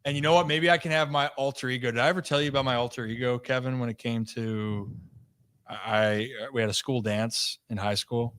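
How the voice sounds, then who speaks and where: A man's voice: mid-range voice, fairly even intonation, brisk, a bit bright, clear, resonant tone, no echo. A man hosting a casual sports show, upbeat and playful, telling stories to his co-hosts. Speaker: host.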